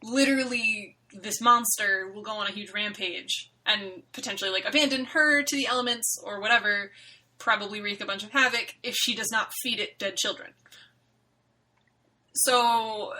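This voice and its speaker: A woman's voice: medium pitch, moderate pace, low-quality recording. A woman co-hosting a podcast, talking casually and emphatically with many fillers. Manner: animated, filler-heavy, emphatic. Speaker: podcast co-host. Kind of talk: casual chat about a webcomic.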